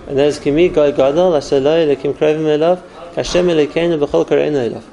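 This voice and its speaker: Gravelly-voiced man teaching a Torah class. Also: fairly high pitch, steady tone, fast, dark tone, rough recording. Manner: earnest, explanatory, uses numbered points.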